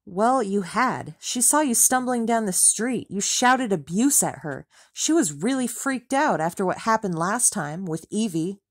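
A woman's voice: mid-range voice, expressive, a little slow, few pauses, no room sound, clean studio sound, pitched above the performer's own voice. A woman reading an audiobook, voicing an angry, exasperated man who snaps at his ex-wife. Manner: furious, exasperated, snapping.

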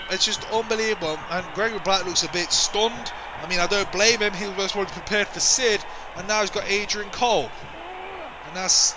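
Over a noisy background, a man with a high-pitched voice delivers excitable, indignant play-by-play commentary for a video game wrestling show, often repeating himself.

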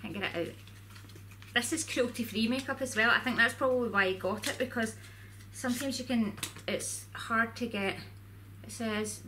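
Woman, vlogger, bright forceful voice, chatty, rambling, casual to camera, faint background noise. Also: mid-range voice, normal speed.

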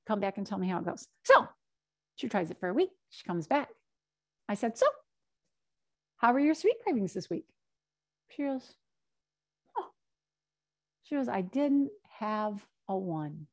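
A middle-aged woman dietitian giving an online health talk, lively and acting out both sides of her stories. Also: on the high side. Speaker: dietitian presenter.

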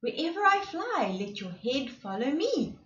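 A woman voicing a helpful male storybook bird who gives gentle, coaxing instructions. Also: high-pitched, big pitch swings, unhurried, exaggerated voice. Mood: reassuring. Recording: echoey room, slightly dull sound.

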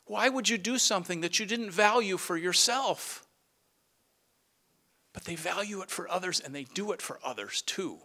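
A middle-aged man giving an earnest farewell speech as a retiring director, sometimes halting and restarting. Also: high-pitched, lively intonation, sharp tone.

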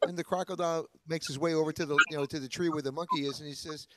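A man's voice: a little high, fairly even intonation, racing. A man telling a rambling joke at a virtual open mic, loose and laughing as he goes. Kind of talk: casual joke telling on a video call. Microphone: video call mic. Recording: noisy video call audio.

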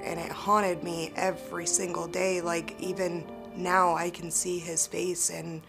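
A young woman giving a halting, emotional personal testimony as a talk show guest, with pauses and fillers. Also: fairly low pitch, level tone, creaky. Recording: music bed under the voice.

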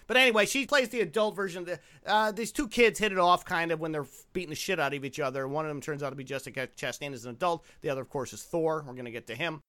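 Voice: medium pitch, fast, few pauses, pushed and bright. A podcast host giving a sarcastic film recap from notes, cracking crude jokes. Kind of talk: casual film-review chat, reading from notes.

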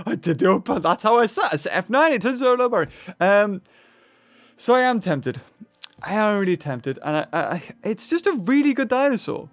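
A young man chatting casually through a mobile dinosaur game, excitable and rambling with lots of fillers. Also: high-pitched, moderate pace. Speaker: gaming YouTuber.

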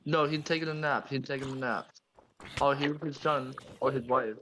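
A man's voice: mid-range voice, steady tone, moderate pace, background noise. A young man joining a friend's gaming session, cracking jokes and rambling with lots of fillers. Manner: joking, rambling with many uh fillers. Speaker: guest gamer. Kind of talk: casual gaming chat. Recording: dull lo-fi home mic.

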